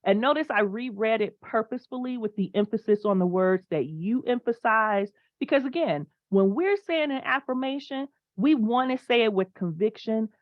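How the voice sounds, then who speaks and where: A woman delivers a motivational talk on a video call, leaning hard on key words and answering audience comments as they arrive. Her voice sits at an ordinary pitch for a woman. The sound is dry and close, with slightly dull, muffled online audio. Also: no echo. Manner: emphatic, animated, reads chat replies aloud. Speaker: motivational speaker.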